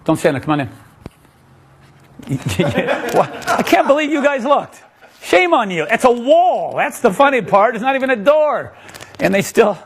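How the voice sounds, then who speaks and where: A man's voice: very high voice, very animated, a little slow, slight background noise. A man giving a live magic lecture, playful and joking with the audience as he demonstrates tricks.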